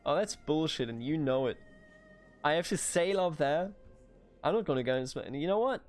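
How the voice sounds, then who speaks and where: A man's voice: on the high side, lively intonation, moderate pace, faint music behind. A man from Germany hosting a let's play, muttering to himself in exasperation, swearing and mocking his own mistakes. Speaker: gaming video host.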